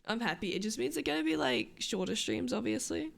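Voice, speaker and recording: A woman's voice: on the high side, sing-song, fairly quick, creaky. A woman chatting casually with her stream viewers, rambling, swearing and losing her train of thought.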